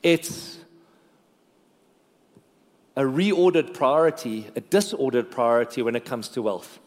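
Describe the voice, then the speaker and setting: A male pastor preaching a sermon in a lively, joking way, talking straight to his congregation. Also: medium pitch, slow pace. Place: church. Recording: long reverb of a church hall.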